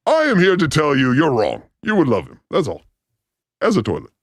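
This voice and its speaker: A man co-hosting a casual reaction chat, laughing often, talking loud and animated, and mimicking people he talks about. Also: fairly high pitch, fairly quick, dry recording, clean studio sound. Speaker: podcast co-host.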